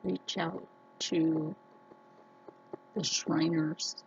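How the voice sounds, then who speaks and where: A woman vlogger talking earnestly to her viewers, telling personal stories slowly with many restarts. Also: low voice, little pitch movement, vocal fry, dull audio, a little hiss or hum. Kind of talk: casual personal talk to camera.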